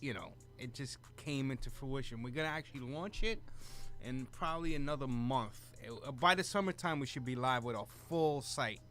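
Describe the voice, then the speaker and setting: A man co-hosting a casual radio talk show, adding quick remarks and shout-outs. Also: mid-range voice. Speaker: radio co-host.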